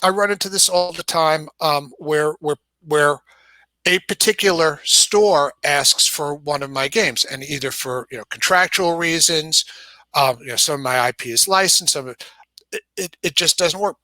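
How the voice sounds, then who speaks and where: In a casual discussion, a game publisher appearing as a guest speaks with a New York accent in a slightly high, bright voice at a moderate pace. He's thoughtful, restarting sentences and repeating words as he circles back to work out each point. The audio is close and dry, without echo.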